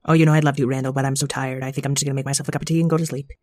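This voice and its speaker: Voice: medium pitch, little pitch movement, rapid-fire, a little mellow, no echo, natural voice. Brief: narrator doing a worn-out doting mom who fusses over her kids. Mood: fussy. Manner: fussing, doting. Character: tired, fussy middle-aged mother.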